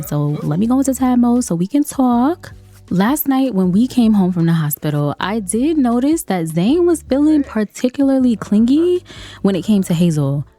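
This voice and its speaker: Chatty woman gamer with a lilt. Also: on the low side. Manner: expressive, gasping and fretting over the characters; chatty, addresses viewers as y'all. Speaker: gaming creator narrating her gameplay. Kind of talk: casual gameplay commentary.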